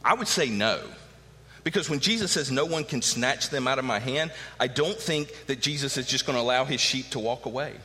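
A man's voice: mid-range voice, expressive, brisk, bright, forceful tone. A middle-aged man preaching a sermon with emphatic rhetorical questions. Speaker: pastor. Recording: long hall reverb.

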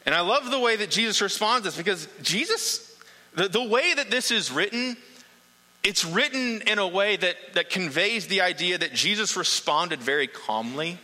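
Man, preacher, sermon, earnest, emphatic, slightly high voice, reverberant hall. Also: expressive, normal speed, sharp tone.

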